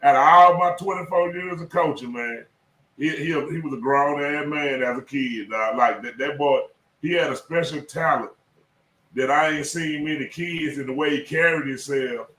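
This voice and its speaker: Brief: middle-aged man, ex-football coach, emphatic and profane storyteller, slightly raised pitch, echoey room, voice a bit far from the mic. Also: moderate pace, a bit bright. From South Dallas, Texas. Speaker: former high school football coach. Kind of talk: casual podcast storytelling.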